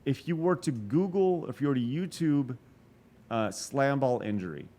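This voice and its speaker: A man in his forties telling a long story as a podcast guest, animated and profane, with quick asides and restarts. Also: medium pitch. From Texas. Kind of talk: casual storytelling interview.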